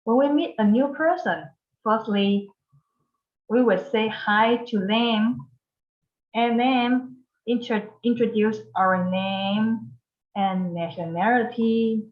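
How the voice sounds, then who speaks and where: A woman teaching a beginner Mandarin lesson in English, modeling each word slowly and carefully for learners to repeat. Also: on the high side. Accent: Taiwanese Mandarin. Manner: slow, careful modeling of words for repetition. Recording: echoey room, slightly dull sound.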